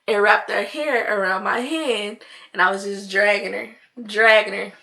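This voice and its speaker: A young woman vlogger telling a story in a casual, animated way, full of "like" and acted-out quotes. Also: mid-range voice, a little slow, vocal fry. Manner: animated, chatty, heavy use of "like", acts out quotes.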